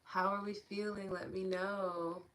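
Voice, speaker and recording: A woman host who guides an EFT tapping session and then chats with her livestream viewers, thanking them one by one with open affection. She talks softly while guiding and more freely afterward. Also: mid-range voice, little pitch movement, a little slow, slight background noise. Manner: soft and hushed while guiding.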